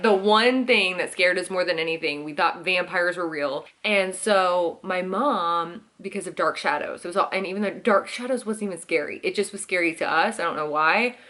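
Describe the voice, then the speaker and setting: Bright, chatty woman vlogger. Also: fairly low pitch. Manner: chatty, many "like"s, acts out quotes. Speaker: vlogger host. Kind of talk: casual Q&A chat.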